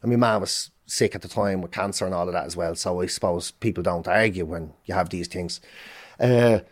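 An Irish man in his forties, a guest on a podcast, speaking candidly with forceful emphasis and plenty of swearing. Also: deep voice, a little fast. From Ireland. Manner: emphatic, heavy swearing, repeats points forcefully. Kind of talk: candid interview talk.

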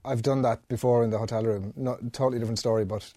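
A man in casual podcast chat, telling a blunt, sweary story. His voice sounds dry and close, at an ordinary middle pitch. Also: steady tone, fast, dark tone, no echo. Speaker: podcast co-host.

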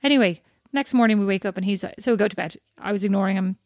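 A woman in easy, rambling podcast conversation, often slipping into little quoted voices as she tells a story. Her voice sits at an ordinary pitch for a woman. The sound is dry and close, with no room around it. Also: racing, no echo. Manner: chatty, acts out quoted voices. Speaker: podcast co-host. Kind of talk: casual chat.

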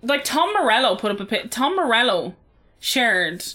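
Co-host: Irish woman, 30s, bright higher voice, blunt and heated, swears a lot. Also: sing-song, moderate pace. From Ireland. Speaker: podcast co-host. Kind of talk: casual chat.

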